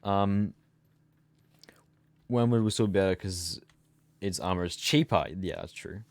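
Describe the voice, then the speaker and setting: Streaming a game while sleepy and yawning, this young man rambles through casual gameplay chat and drifts into mumbles. He has a deep, unhurried voice, and there's no echo on the recording.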